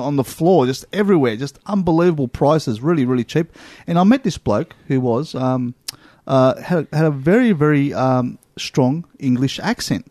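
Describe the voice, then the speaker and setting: Animated Australian man telling stories. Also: medium pitch, no room sound. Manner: animated storyteller, lots of "you know what?". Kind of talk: casual chat.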